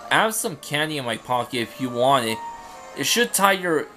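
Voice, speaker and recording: A man's voice: medium pitch, sing-song, normal speed, faint music behind. A man voicing a kind, reassuring young royal hero in a fan dub of game dialogue. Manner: gentle, reassuring.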